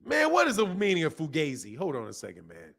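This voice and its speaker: A man hosting a boxing live stream, reading viewer comments and ranting in animated, slangy talk. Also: fairly high pitch, quick pace, creaky. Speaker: boxing channel host.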